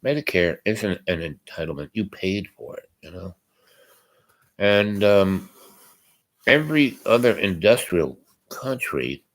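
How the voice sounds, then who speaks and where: An older man telling a rambling casual monologue as a podcast host, full of fillers and asides. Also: low-pitched. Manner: meandering, many fillers and asides.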